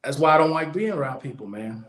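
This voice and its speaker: A man's voice: fairly high pitch, expressive, quick pace. A man hosting a podcast, speaking bluntly in a casual monologue and repeating his points for emphasis. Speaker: podcast host. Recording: echoey room.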